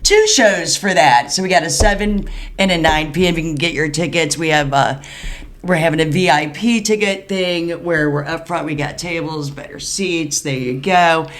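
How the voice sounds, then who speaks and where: A woman comedian chatting as a guest on a podcast, quickly rattling off dates and names with excitement. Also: sits low. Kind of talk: casual podcast chat, plugging shows.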